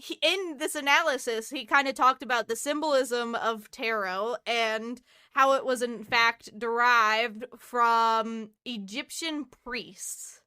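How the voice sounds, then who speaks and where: A woman's voice: a little high, slow, sharp tone, smooth, dry recording, studio quality. A young woman co-hosting a podcast, chatting casually, laughing often and swearing freely. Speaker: podcast co-host. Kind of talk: casual chat.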